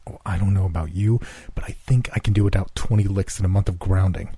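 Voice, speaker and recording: A man's voice: deep voice, steady tone, fast, mellow, breathy edge, no echo. A man voicing a brash, teasing teenage boy who likes to stir up trouble. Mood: cocky.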